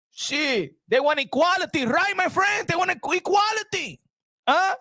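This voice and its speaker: A man hosting a solo boxing talk show, loud and playful, repeating his lines in mock outrage and tossing in Spanish phrases. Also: very high voice, expressive, normal speed, dry recording, clean studio sound.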